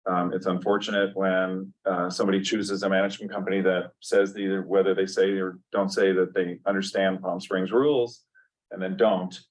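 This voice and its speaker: A man chairing a public appeals board meeting, speaking in a measured way with many pauses. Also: sits low, flat delivery, recorded from a distance, poor audio.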